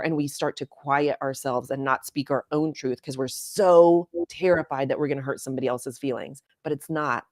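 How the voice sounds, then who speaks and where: Low-voiced earnest woman coach. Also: fairly even intonation, normal speed, hardly any pauses, dry recording, clean studio sound. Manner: earnest, emphatic, repeats points. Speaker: guest coach. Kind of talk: casual podcast talk.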